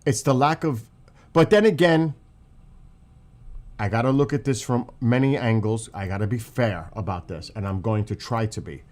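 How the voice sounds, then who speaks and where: Speaking at a moderate pace in a mid-range, slightly mellow voice, a man hosting a channel launches into a furious, foul-mouthed political rant. He's livid and upset, saying so plainly and repeating himself to drive points home.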